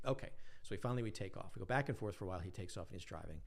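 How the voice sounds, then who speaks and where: A middle-aged man with a low-pitched voice tells a long story on a podcast. He keeps it casual and animated, laughs often, and briefly puts on the voices of the people he talks about. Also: very fast, vocal fry. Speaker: podcast guest, physicist.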